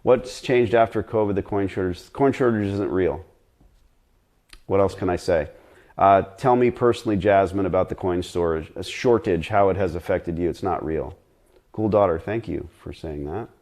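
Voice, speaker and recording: A man's voice: sits low, normal speed, darkish tone. A middle-aged man chatting bluntly and ramblingly as a guest on a live stream Q&A.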